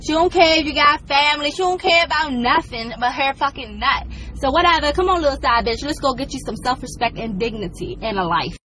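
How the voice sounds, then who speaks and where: A woman's voice: high voice, fairly quick, pushed and bright, slight background noise, poor audio. A woman comedy vlogger ranting in a brash, profane way from inside her car, swinging into exaggerated voices.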